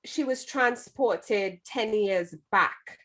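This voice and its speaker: A woman's voice: medium pitch, very slow, fairly bright tone. A woman co-hosting a casual podcast about a book, retelling it at length. She talks conversationally and keeps dropping in "you know" as she goes. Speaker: podcast co-host.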